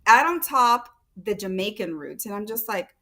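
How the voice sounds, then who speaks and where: A woman's voice: mid-range voice, expressive, normal speed, bright, forceful tone. A woman hosting a casual interview, asking rambling, enthusiastic questions. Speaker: host.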